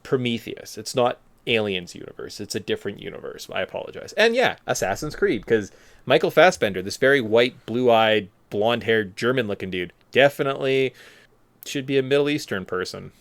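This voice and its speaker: A man hosting a podcast in casual chat, animated and joking. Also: mid-range voice, fairly quick, no room sound. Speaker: podcast host.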